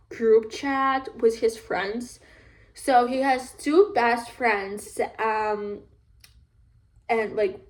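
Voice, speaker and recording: Slow, higher-voiced woman chatting casually. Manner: rambling, relaxed, lots of filler words. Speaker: book reviewer. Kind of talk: casual book review chat.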